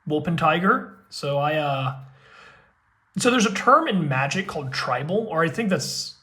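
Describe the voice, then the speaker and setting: A man hosting a casual card-game unboxing, excitable and gushing, with frequent exclamations. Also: a little high, unhurried.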